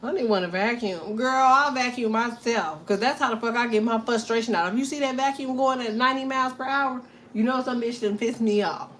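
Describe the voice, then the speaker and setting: A woman hosting a casual tarot livestream, delivering a profane, animated comedic rant and laughing often. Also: fairly high pitch, fast talker, hardly any pauses, slight background noise.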